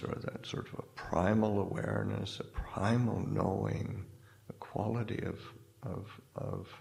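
Male monk, low gravelly voice, slow, halting dharma talk with many restarts. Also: a little mellow. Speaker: Buddhist monk teacher. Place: hall in a spiritual society.

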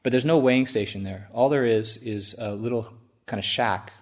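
A man who is a Buddhist monk, telling a story in a halting, chuckling way with many restarts. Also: mid-range voice. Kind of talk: storytelling talk.

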